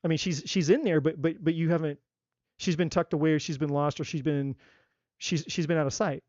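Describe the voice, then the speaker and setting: A man gives a live-stream tarot reading as spiritual talk, speaking emphatically and repetitively and swearing casually. His fairly high voice is steady, a little fast, and a little mellow. The audio is dull with no echo.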